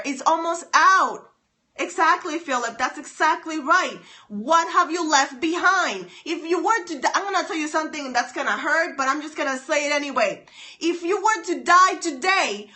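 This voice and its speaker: A woman's voice: high voice, sharp tone. A woman hosting a live phone stream, giving an emphatic, preachy motivational talk, repeating her lines and answering viewer comments.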